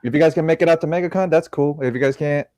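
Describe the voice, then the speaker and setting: A man with a slightly high voice thanking everyone at the end of a stream. He sounds laid-back, and the recording is dry. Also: very fast, darkish tone, no room sound. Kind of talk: casual live-stream chat.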